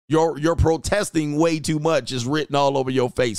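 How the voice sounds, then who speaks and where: A man hosting a casual dating-talk livestream, joking and mocking as he reads out viewer comments, using slang and drawn-out emphasis. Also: fairly high pitch, no echo, studio quality. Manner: joking and mocking, slips into playful impressions and laughs often. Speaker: dating coach and show host.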